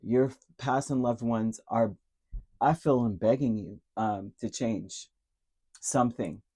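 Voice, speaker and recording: Male tarot reader, mellow and dark in tone, emotionally earnest, speaks directly to the listener, repeats key words. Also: mid-range voice, slow. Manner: repeats key words, many fillers and restarts. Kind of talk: direct-to-camera tarot reading.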